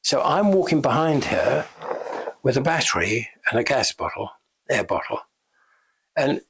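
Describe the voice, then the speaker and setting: Older guy spinning funny set stories, husky voice, bounces all over in pitch, laughs a lot. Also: sing-song, unhurried, pauses often, fairly bright tone. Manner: chatty, laughs often, acts out quoted lines. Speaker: interviewee, special effects veteran. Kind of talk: casual anecdotal storytelling. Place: shop.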